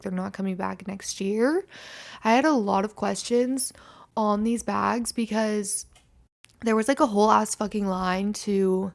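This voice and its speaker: A woman's voice: mid-range voice, vocal fry. A hungover woman in her twenties hosting a casual solo podcast, rambling and self-mocking and swearing freely. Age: 20s. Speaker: podcast host.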